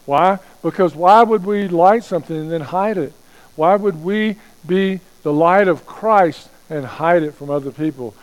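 Preaching man with slow, emphatic phrasing. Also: sits high, lo-fi sound. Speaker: pastor. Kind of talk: sermon.

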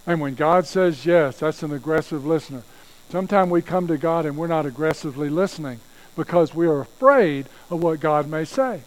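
A man's voice: a little high, darkish tone, low-quality recording. A man preaching a sermon with emphasis, acting out quoted voices and praying aloud. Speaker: pastor.

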